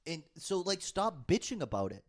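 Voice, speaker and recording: A man's voice: fairly high pitch, sing-song, moderate pace. A man, co-hosting a casual podcast chat and ranting heatedly with plenty of swearing. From United States. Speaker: podcast co-host.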